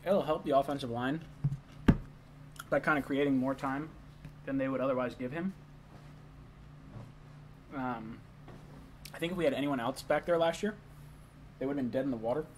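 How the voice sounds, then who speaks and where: A man's voice: medium pitch, normal speed, pauses often, noisy background. A young man hosting a casual live stream, chatting loosely, reading chat messages and talking while eating.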